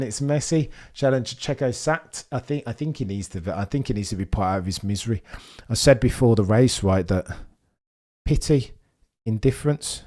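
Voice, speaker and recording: A man giving excitable live watch-along commentary on a race and chatting with his viewers. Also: medium pitch.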